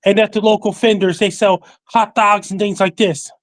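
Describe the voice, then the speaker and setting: A man appearing as a podcast guest, talking in a flat recital that lists facts, dates and handles one by one. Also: high-pitched, moderate pace. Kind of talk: casual call-in chat.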